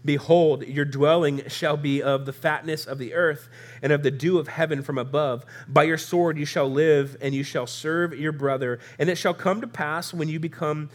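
A man with a somewhat high voice gives a sermon, reading verses and then explaining them casually. His nose is stuffy and he sniffles. He talks straight to the room in a relaxed, conversational teaching manner. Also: moderate pace. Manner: casual, conversational Bible teaching with asides to the audience. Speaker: preacher.

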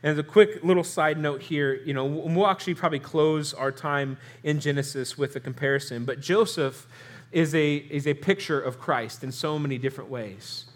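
A man's voice: fairly high pitch, normal speed. A young man preaching a Bible sermon as a pastor, conversational, with restarts and rhetorical questions.

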